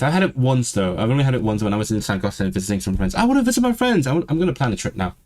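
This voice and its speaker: A man hosting a casual language livestream, rambling, restarting his sentences and sounding out phrases slowly. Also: mid-range voice. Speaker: language channel host. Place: lives in England, streaming from home.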